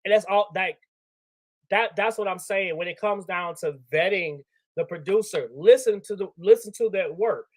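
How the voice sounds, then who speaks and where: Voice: medium pitch, moderate pace, no echo. A panel guest making points earnestly and emphatically, repeating key advice. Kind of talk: casual panel chat.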